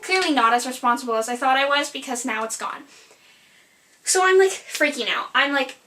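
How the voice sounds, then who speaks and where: A woman's voice: sits high, lively intonation, normal speed, sharp tone, slight background noise. A young adult woman vlogger telling a storytime tale in a rambling way, with "like" in nearly every phrase. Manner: rambling, filler-heavy retelling, lots of "like". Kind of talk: storytime vlog.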